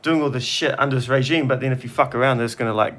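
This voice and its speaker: A man co-hosting a podcast, rambling and swearing as he tells stories in quick bursts. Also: medium pitch, a crowd in the background. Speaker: podcast co-host. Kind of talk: casual chat.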